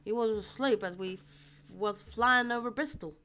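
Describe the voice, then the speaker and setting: A woman reading as a soft-hearted giant man. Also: fairly high pitch, lightly acted. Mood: eager. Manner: halting, stammering, tearful. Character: huge gentle male giant, soft-hearted. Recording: dull lo-fi with faint music.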